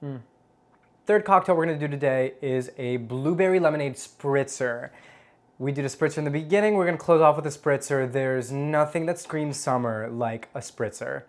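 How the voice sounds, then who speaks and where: A mid-range, slightly dark voice at normal speed guides a relaxed cocktail session at home. The host jokes at their own expense, keeps things chatty and playful, and hums with pleasure as they sip.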